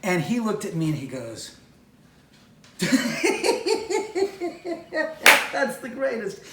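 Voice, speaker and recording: Animated storyteller man, heard from afar. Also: high-pitched, normal speed, a little hiss or hum. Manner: animated storyteller who acts out the voices in his story. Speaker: homeowner and film producer. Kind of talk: casual anecdote told on location. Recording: echoey, distant, with faint outdoor ambience.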